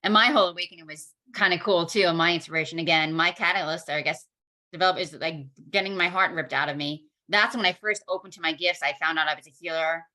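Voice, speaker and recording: A woman guest in a casual podcast chat, an animated storyteller who acts out quoted dialogue. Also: on the low side, fast.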